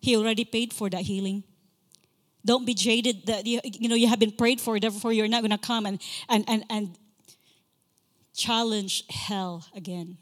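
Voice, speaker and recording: A woman preaching a sermon as a guest speaker, impassioned, repeating key phrases and slowing down to stress scripture. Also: medium pitch, fairly even intonation. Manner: slows to stress scripture lines. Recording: long reverb of a large hall.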